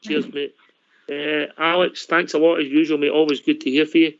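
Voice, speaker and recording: A man's voice: on the high side, level tone, normal speed, a bit bright, no room sound. A Scottish man hosting a casual fan radio phone-in, chatty and matey. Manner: chatty, matey sign-offs. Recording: lo-fi dry online call audio.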